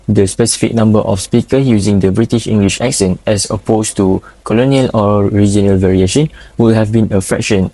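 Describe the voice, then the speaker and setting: A low-voiced man with a mellow, warm tone reads a formal script at a measured pace. The recording is dry and close, with no room sound. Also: dry recording, poor audio. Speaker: student presenter. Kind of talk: scripted academic narration.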